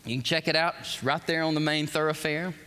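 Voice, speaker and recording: A man preaching a sermon, telling stories in an animated way and acting out what people said. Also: a little high, brisk, smooth, long reverb tail. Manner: animated storytelling, acts out quotes.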